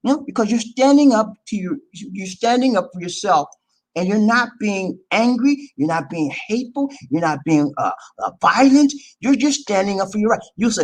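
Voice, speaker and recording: Man, casual vlog host, preachy, slangy, loud laughter, very lively pitch. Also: normal speed, low-quality recording. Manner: animated, preachy, laughs loudly at own jokes; slangy, repeats "man" and "okay". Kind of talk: casual advice talk to viewers.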